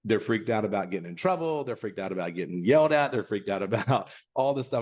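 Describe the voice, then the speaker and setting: Low-voiced man on a muffled line. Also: expressive, quick pace, hardly any pauses, a little mellow. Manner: emphatic, repeats points for stress. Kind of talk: casual podcast chat. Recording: dull muffled lo-fi sound.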